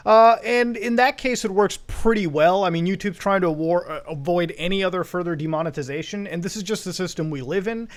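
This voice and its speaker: A man doing sarcastic, animated commentary on a video channel, swearing casually. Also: sits high, a little fast, hardly any pauses. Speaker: commentary YouTuber. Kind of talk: reaction commentary.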